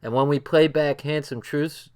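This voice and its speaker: A man's voice: on the high side, steady tone, moderate pace, a little mellow. Profane, laughing older man streaming late. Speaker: livestream host. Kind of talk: late-night livestream commentary.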